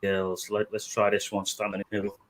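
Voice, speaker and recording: Sweary British livestream host. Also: male voice, on the low side, completely flat delivery, brisk. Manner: sweary, jokey, fiddling with his setup while talking. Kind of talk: casual livestream chat. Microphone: webcam setup at a desk.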